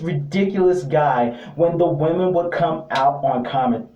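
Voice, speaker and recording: A man's voice: fairly high pitch, unhurried, a little mellow. A man giving a casual wrestling review, rambling with joking asides. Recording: roomy sound, distant mic.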